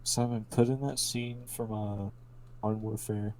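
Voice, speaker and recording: A man's voice: lowish voice, steady tone, a little slow, a little mellow, slight background noise. A teenage boy joking his way through a class history podcast with friends, talking over them. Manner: joking, jumpy, talks over others. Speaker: student presenter. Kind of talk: casual class project podcast.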